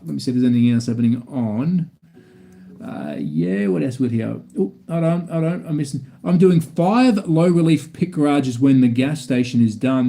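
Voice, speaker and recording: Chatty Australian man, mellow voice. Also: mid-range voice. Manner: rambling, chatty, restarts often. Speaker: hobby model builder streaming live. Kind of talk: casual live-stream chat while building.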